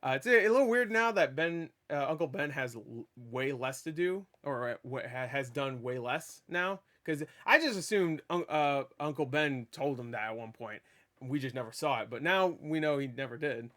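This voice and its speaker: A man giving a casual spoiler review of a movie, rambling and excitable, swearing freely and stumbling over restarts. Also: medium pitch, normal speed. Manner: rambling, profane, with stammered restarts; animated and excitable.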